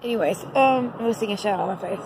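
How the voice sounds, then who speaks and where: A woman's voice: mid-range voice, fast talker, vocal fry, very noisy. A woman talking casually to her phone at night, rambling and giggling with lots of fillers. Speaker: vlogger. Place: indoors at night.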